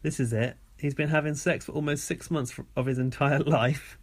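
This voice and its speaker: A man's voice: on the high side, fairly even intonation, normal speed. Chatty man recapping with a laugh. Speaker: podcast co-host. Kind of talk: casual chat.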